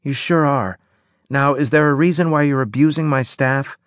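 A man voicing a calm, patient woman doctor who speaks firmly. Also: mid-range voice, moderate pace, no echo, studio quality, voice pushed up, lightly acted. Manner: patient, firm.

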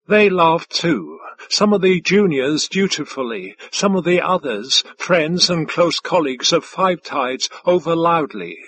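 Male reader, measured delivery, slightly high husky voice, very slow, dry close mic. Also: lively intonation, sharp tone. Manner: measured, deliberate. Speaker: audiobook narrator. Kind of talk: scripted narration.

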